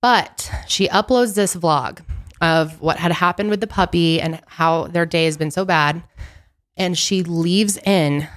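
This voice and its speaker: A woman with a fairly low voice co-hosts a casual podcast. She recaps stories in a relaxed, conversational way. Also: measured pace. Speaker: podcast co-host.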